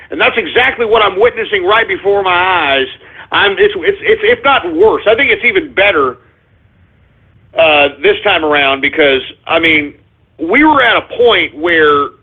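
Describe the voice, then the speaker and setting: Ranting high-voiced man on a tinny line. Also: slightly rough. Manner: angry, profane, ranting, says "folks" often. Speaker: radio show host. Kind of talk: political talk radio rant. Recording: tinny phone-line audio.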